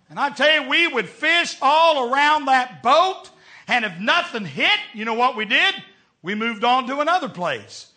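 An older preacher with a drawl, telling homespun stories with plenty of humor. His voice sits high and swings widely in pitch, and it has a bright, forceful edge. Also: very animated, unhurried. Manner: folksy storytelling preacher with humor. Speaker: pastor. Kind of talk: sermon.

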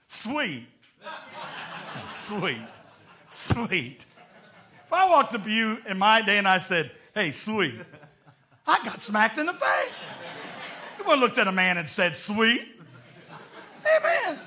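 An older preacher with a drawl, telling homespun stories with plenty of humor. His voice sits high and swings widely in pitch, and it has a bright, forceful edge. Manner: folksy storytelling preacher with humor. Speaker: pastor. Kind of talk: sermon.

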